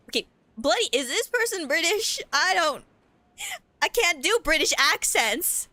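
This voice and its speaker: A woman streamer reads a horror visual novel aloud, voicing every character and adding joking asides in a let's-play style. Her high voice is expressive, bright, and forceful at a moderate pace, with no room sound.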